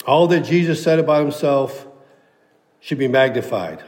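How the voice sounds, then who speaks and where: A man's voice: mid-range voice, expressive, moderate pace, a little mellow, roomy sound, big-room sound. A pastor preaching a sermon to his church, emphatic and repeating key phrases for weight.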